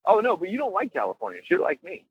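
A man's voice: high-pitched, huge pitch swings, fast talker, breathy edge, no echo. Playful man on a muffled call line. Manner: playful, jokey, teasing. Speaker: podcast co-host. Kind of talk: casual podcast chat. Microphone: remote call mic.

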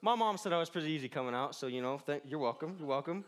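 A man's voice: a little high, animated, fast talker, few pauses. A young man preaching a casual, joking sermon in a church, laughing often between lines. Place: church in front of a crowd.

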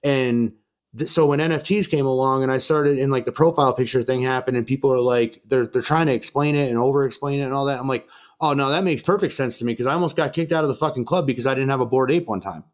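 A man's voice: medium pitch, quick pace. Laid-back young man telling a story. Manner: laid-back, profane, lots of fillers, acts out quotes. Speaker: podcast host. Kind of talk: casual storytelling chat.

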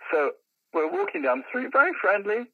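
An older man, a musician and comedian telling an anecdote as a podcast guest, an animated raconteur. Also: very high voice, a little fast, creaky, no room sound, narrow, tinny audio. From London. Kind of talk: anecdotal storytelling in casual chat.

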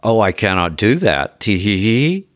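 A deep-voiced man doing a chirpy flirty android woman. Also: lively intonation, a little slow, fairly bright tone, no echo, studio quality, full character voice. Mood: chirpy flirtatious. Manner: chirpy, suggestive, stiff robotic phrasing. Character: flirty chirpy female android companion, eerily cheerful.

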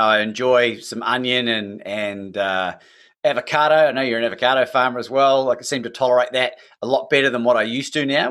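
A man's voice: medium pitch, sharp tone. A man in a mid-range voice chats as host, emphatic and upbeat. His talk is loose and informal, with casual swearing as he makes his points. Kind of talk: casual conversation.

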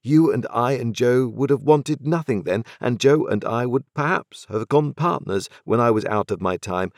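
A man's voice: medium pitch, no room sound, studio quality, voice pushed up, lightly acted. A man voicing an earnest, restless young man in a storybook reading, pleading and impatient. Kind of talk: audiobook character reading.

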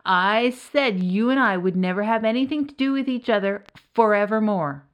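A woman's voice: mid-range voice, normal speed, clean tone, dull audio, close to an everyday voice. Woman doing a nervous devil. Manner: nervous, uneasy.

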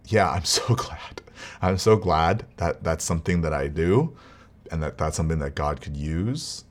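A man's voice: extremely low pitch, expressive, moderate pace. A man telling a personal family story in a casual, rambling, earnest way. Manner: rambling, earnest, with restarts and quiet laughs. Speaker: vlogger, father.

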